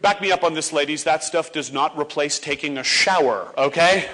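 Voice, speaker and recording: A man in his forties delivers a comedic speech from a stage, lively and playful as he acts out little scenes. His voice sits high for a man and has a bright, forceful edge. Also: normal speed, slight background noise. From Ontario, Canada. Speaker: motivational speaker. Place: stage before a live audience.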